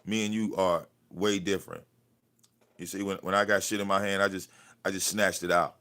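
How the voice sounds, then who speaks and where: A man's voice: sits low, level tone, normal speed, sharp tone. A man hosting a livestream, ranting at someone in a confrontational, profane way and repeating himself. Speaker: livestream host. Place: cluttered home room.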